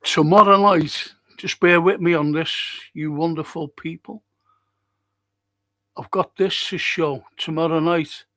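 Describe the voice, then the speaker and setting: A man's voice: fairly high pitch, fairly even intonation, unhurried, a bit bright. A man hosting a casual live podcast, reading out comments and telling rambling stories with plenty of swearing. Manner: rambling storyteller, swears freely. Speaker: podcast host.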